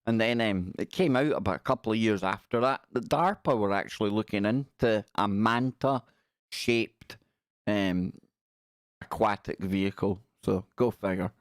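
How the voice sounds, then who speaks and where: With a lowish, unhurried voice, this man hosts a live stream recorded at studio quality with no echo. His manner is jokey and casual, reacting out loud to pictures with quips.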